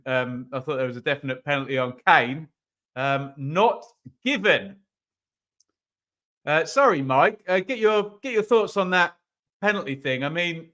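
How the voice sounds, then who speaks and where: A man's voice: on the high side, pushed and bright. A man running a live football watch-along, chatting casually about the match and reading out viewer comments.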